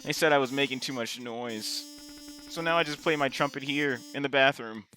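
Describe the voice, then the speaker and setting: A man's voice: mid-range voice, moderate pace, bright, forceful tone, soft background music, natural voice, poor audio. A man voicing a self-pitying male skeleton trumpet student with a whiny manner. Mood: mopey.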